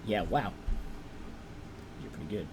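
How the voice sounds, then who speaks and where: A man's voice: low-pitched, lively intonation, measured pace, very noisy. Rambling young man running a tabletop game. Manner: rambling, encouraging. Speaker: game master.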